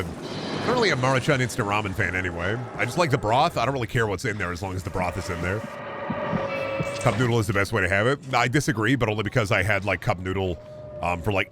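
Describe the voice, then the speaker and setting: A man's voice: fairly low pitch, heavy background noise. Rambling, profane young man streaming games. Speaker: gaming streamer. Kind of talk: casual livestream chat.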